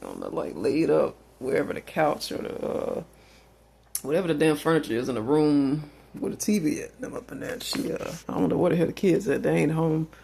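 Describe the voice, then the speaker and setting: A man rambles through a long story in a casual monologue, swearing freely and filling pauses with "uh" and "like." His voice is a little high, with big pitch swings, a fairly quick pace, vocal fry and a dark tone, plus a little hiss or hum.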